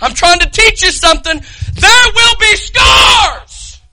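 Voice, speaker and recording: Preacher, male, very high and sharp-toned, impassioned delivery. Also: expressive, takes it slowly, no echo, a faint crowd, rough recording. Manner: impassioned preaching, shouting and breaking into tears at peaks. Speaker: pastor. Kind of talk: sermon.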